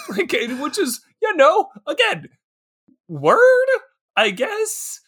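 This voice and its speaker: High bright guy on a podcast, voice bouncing all over, laughs a ton and gets super excited. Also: very slow. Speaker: podcast co-host. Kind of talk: casual chat.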